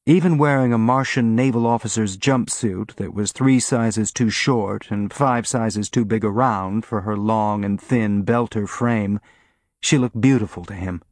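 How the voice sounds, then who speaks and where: A man narrating an audiobook in a steady, even reading voice on a close mic. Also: fairly low pitch, a little slow, no echo. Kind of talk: scripted narration.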